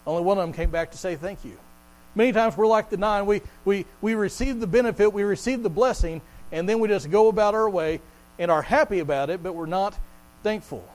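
A man preaching a sermon to a congregation in a conversational way, repeating words as he goes and slowing down to stress scripture quotes. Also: sits high, a little mellow, low-quality recording. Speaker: pastor.

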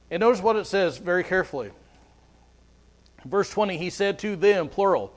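A man's voice: sits high, animated, fairly quick. A man preaching a sermon as pastor, earnest, often repeating words as he goes.

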